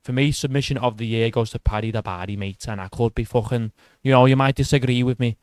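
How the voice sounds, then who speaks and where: A man hosting a casual MMA vlog, excitable and heavy on swearing, who often restarts his sentences. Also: medium pitch, quick pace, smooth, no room sound. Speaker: MMA channel host. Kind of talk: casual fight commentary vlog.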